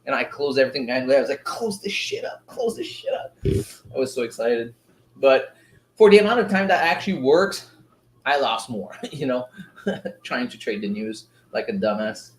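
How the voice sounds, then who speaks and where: Excitable man giving live trading commentary. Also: medium pitch, normal speed. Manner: excitable, slangy, talks to viewers. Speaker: forex trading streamer. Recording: roomy echo.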